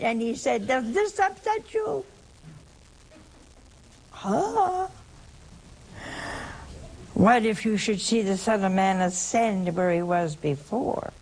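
Slow, gravelly woman preaching to a caller. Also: medium pitch, poor audio. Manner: emphatic, repeats key points, quotes scripture at length. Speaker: call-in show host answering a caller. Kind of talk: religious teaching on call-in radio.

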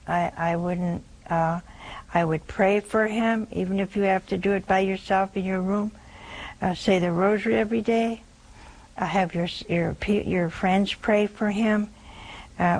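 Slow, gentle woman giving spiritual advice. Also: medium pitch, rough recording. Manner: gentle, folksy, often adds "see?". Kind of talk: pastoral counsel to a listener.

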